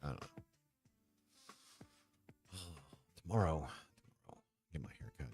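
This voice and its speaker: A man hosting a casual livestream chat, rambling and hesitant, with many restarts, sighs and quiet mumbles. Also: rumbling low, expressive, a little slow, gravelly, soft background music. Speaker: livestream host.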